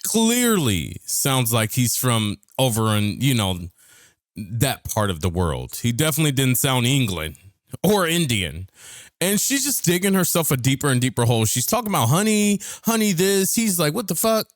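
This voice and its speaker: A man's voice: medium pitch, very animated, normal speed, no echo, clean studio sound. A man hosting a reaction video, making incredulous, exasperated remarks to his viewers. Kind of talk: reaction commentary.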